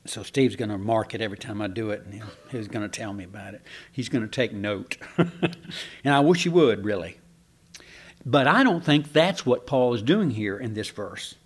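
A man's voice: fairly low pitch, animated, moderate pace, breathy edge. A man preaching a conversational sermon, folksy and chatty, asking the congregation questions and restarting his sentences. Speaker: pastor.

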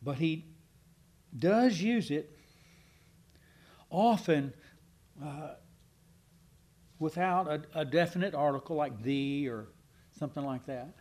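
A man preaching a Sunday night sermon, teaching emphatically with slow, deliberate stresses and occasional fillers. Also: a little high, a little mellow. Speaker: pastor.

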